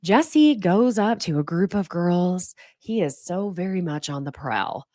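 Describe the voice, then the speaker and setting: Animated sarcastic woman podcast recap. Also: on the low side, measured pace, no room sound, studio quality. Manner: sarcastic, swears freely, mocks cast members in put-on voices. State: fighting off sneezes. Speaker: podcast host. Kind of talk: casual reality TV recap.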